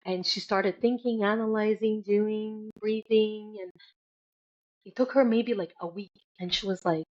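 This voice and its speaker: A woman's voice: medium pitch, moderate pace, muffled recording, background noise. A woman guest in an interview, speaking earnestly and emphatically about moving through hard times, repeating key words for stress. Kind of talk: motivational interview talk.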